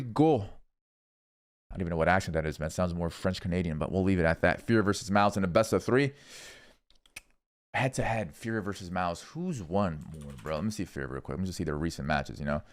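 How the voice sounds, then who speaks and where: A young man streaming, casually rambling through esports predictions with lots of swearing and thinking out loud. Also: sits low. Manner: rambling, profane, thinking aloud.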